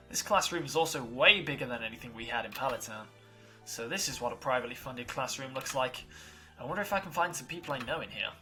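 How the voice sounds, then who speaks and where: A gamer giving let's-play commentary and reading a visual novel aloud, animated and self-deprecating. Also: mid-range voice.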